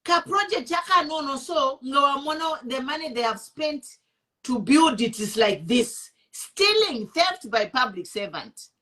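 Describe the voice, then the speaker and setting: A woman's voice: high-pitched, normal speed, a bit bright. A woman with a Zambian accent, hosting an online show and giving impassioned political commentary, indignant and switching between English and Bemba.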